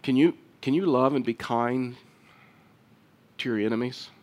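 A man preaching a sermon as pastor, earnest, with frequent restarts, growing louder and quicker toward the close. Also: medium pitch.

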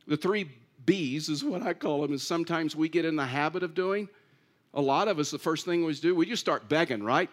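A man's voice: on the high side, normal speed. A man preaching a sermon in an earnest way, repeating key phrases and rising to emphatic pleas. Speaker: pastor.

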